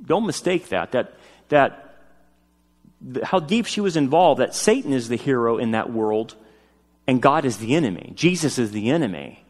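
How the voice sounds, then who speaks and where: A male pastor preaching a sermon in a lively, emphatic way, dropping casual asides and rising to loud peaks. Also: medium pitch, long reverb tail. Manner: casual spoken asides like "man".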